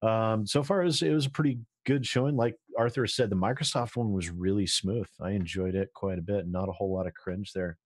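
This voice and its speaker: A man's voice: fairly low pitch, fairly even intonation, brisk, hardly any pauses, dry recording, clean studio sound. A man chatting casually with his tabletop group over voice chat, rambling and laughing easily. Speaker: player. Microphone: voice-chat microphone.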